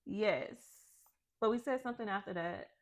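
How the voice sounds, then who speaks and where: A woman co-hosting a podcast, talking in a relaxed, rambling way with fillers. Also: mid-range voice, moderate pace. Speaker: podcast co-host. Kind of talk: casual chat.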